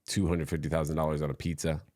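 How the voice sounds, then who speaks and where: A man hosting a podcast, talking in loose, animated banter, swearing freely and laughing easily. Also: extremely low pitch, fast.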